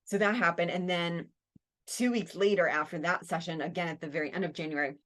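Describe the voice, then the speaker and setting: Animated woman podcast host. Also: on the low side, a little fast. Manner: animated, heavy use of "like", frequent restarts. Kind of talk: casual conversational storytelling.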